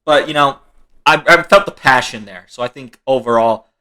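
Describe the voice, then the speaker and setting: A man riffs through a comedic reaction commentary on online videos. His voice is bright and forward, and he jokes, laughs and swears casually as he tries to explain what is going on. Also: medium pitch, normal speed.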